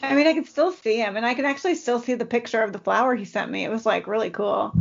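A woman's voice: on the high side, fast, creaky, highs cut off. A woman co-hosting a podcast, chatting casually and rambling with lots of fillers. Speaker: podcast co-host. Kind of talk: casual chat.

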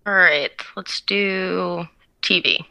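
A woman's voice: on the low side, takes it slowly, creaky, highs cut off, a little hiss or hum. A woman playing a trivia game as a contestant, giving short, plain answers. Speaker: quiz contestant. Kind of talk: casual chat.

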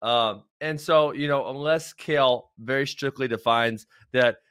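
A man co-hosting a wrestling talk show in casual chat, loose and quick to laugh. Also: mid-range voice, fairly bright tone, clear, resonant tone, dry recording, clean studio sound. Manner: laughs often, chatty and loose.

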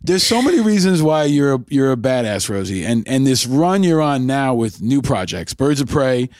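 A male interviewer hosts the conversation, lavishing praise and stringing his questions into long, rambling turns. His voice sits at a middle pitch for a man. The sound is dry and close, with no room echo. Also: sing-song, normal speed, darkish tone. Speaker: host.

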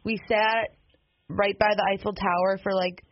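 A woman's voice: medium pitch, steady tone, normal speed. Chatty woman on lo-fi radio. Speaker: co-host. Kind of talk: casual chat. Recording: dull lo-fi radio audio with faint noise.

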